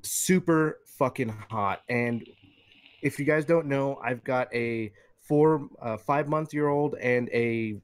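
A man's voice: medium pitch, takes it slowly, clean tone, dry recording. A young adult man, a podcast co-host, telling a rambling story in casual chat and swearing freely.

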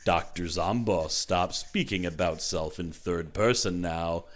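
Man putting on an oddball boaster, low, slow, broken phrases. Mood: scolding.

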